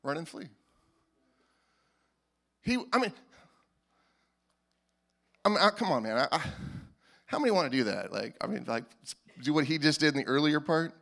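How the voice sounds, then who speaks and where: A male pastor preaching a sermon in a casual, animated way, often restarting his sentences. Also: fairly high pitch, normal speed, gravelly, pauses often. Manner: animated and informal, with frequent restarts. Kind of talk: conversational sermon.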